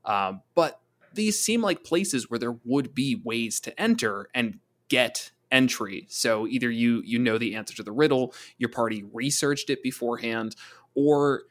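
A man co-hosting a casual tabletop gaming talk, chatty, often slipping into quick voices for monsters and players. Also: mid-range voice. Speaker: podcast co-host, game master.

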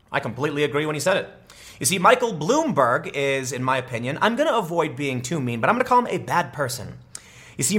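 Fast, sarcastic and lively, this male political commentator airs his opinions in a voice on the high side, often stopping and restarting mid-thought.

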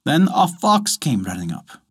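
A man narrating a folk tale as storyteller, lively and expressive. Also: fairly high pitch, a little slow, breathy edge. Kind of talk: scripted narration.

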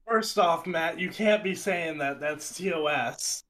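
High-voiced man trash-talking playfully. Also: unhurried, fairly bright tone. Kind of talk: casual gaming podcast chat.

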